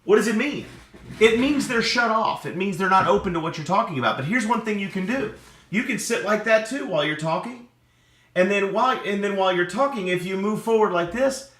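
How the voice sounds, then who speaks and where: A man teaching a lesson on building rapport, animated, often checking with "right?". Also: sits high. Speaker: sales and relationship coach. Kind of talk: teaching talk to camera. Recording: echoey room.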